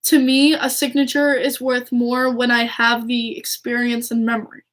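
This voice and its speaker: A young woman chatting casually to her viewers, excitable and gushing, often restarting her sentences. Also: fairly high pitch, moderate pace. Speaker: hockey fan vlogger. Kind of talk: casual chat to camera.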